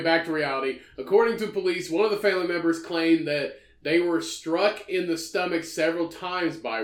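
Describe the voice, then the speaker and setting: A man's voice: fairly high pitch, roomy sound. A man co-hosting a podcast, casually recounting a news story in a laid-back way with lots of fillers. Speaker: podcast co-host.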